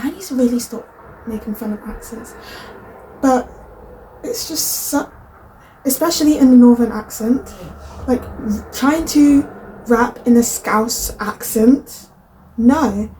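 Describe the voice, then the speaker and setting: Young woman, reaction host, chatty and a little high, soft-toned. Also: a little hiss or hum, low-quality recording. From Britain. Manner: chatty, rambling asides. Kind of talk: casual reaction commentary.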